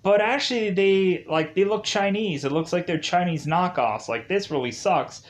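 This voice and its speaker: A blunt, cool-headed hitman, pitched a little high, speaks in loose offhand phrasing full of "like" fillers, as a man retells the scene in his own voice. It stays close to an everyday voice. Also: normal speed, natural voice. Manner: casual, filler-heavy paraphrase.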